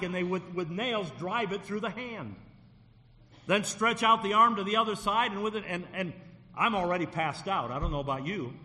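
A man's voice: high voice, bright, forceful tone. A man preaching a Sunday sermon in earnest, often repeating phrases as he builds a point. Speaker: pastor. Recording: long reverb of a large hall.

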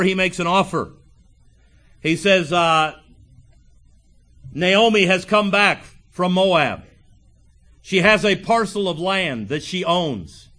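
A man preaching a sermon, reading scripture and acting out the characters' lines with emphatic pauses. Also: high-pitched, a bit bright. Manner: earnest preaching with emphatic pauses, acts out quotes; reads scripture in old-fashioned wording.

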